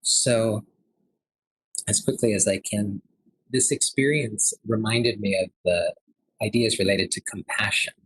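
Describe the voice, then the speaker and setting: A man's voice: lowish voice, measured pace, fairly bright tone, slightly rough, dry recording, rough recording. A man in his thirties giving an earnest, conversational lecture at a health forum, telling a personal story with frequent fillers.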